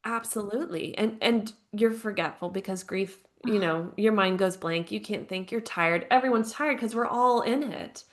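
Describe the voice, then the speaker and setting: A grief counselor in her thirties from the United States, speaking from home while living abroad, tells her personal story as a podcast guest. Her medium-pitched voice moves at a moderate pace with hardly any pauses, earnest and reflective, with frequent "like" and light laughter.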